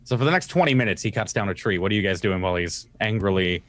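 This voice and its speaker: A man running a tabletop game as game master, narrating scenes in a relaxed, descriptive way. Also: lowish voice, quick pace. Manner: relaxed, descriptive, full of ums and uhs.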